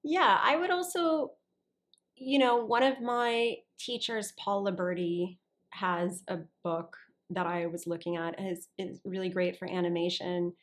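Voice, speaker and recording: A woman's voice: fairly low pitch, fairly even intonation, measured pace. Chatty woman voiceover actor as guest. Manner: chatty, restarts sentences, checks in with "you understand?". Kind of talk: casual interview talk.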